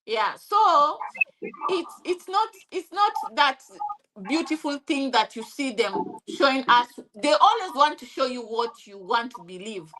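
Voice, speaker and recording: Bright high-voiced Kenyan woman. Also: a little slow, low-quality recording. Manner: animated, repeats and restarts, switches into Swahili. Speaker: interview guest. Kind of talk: casual conversational interview.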